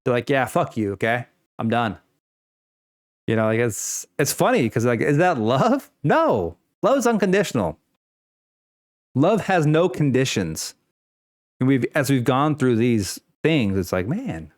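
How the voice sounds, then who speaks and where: A man's voice: mid-range voice, very animated, a little slow, no echo, studio quality. A young man ranting casually to the camera at home, rambling with many fillers and restarts and swearing freely. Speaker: vlogger. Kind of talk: unscripted personal rant.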